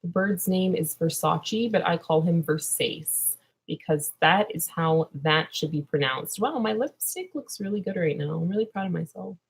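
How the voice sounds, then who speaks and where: Young woman, vlogger, casual chat, husky low voice with vocal fry, rambling, mumbling. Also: lively intonation, normal speed, rough recording. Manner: rambling, drowsy, trailing off into mumbles.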